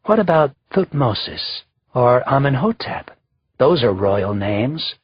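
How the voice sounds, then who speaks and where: An impatient young pharaoh, as a man reads him, short and demanding in his words. The voice is very husky, at a middle pitch, on a dry, slightly dull recording. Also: big pitch swings, slow pace, no echo, full character voice. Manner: curt, demanding. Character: teenage boy king, commanding and impatient.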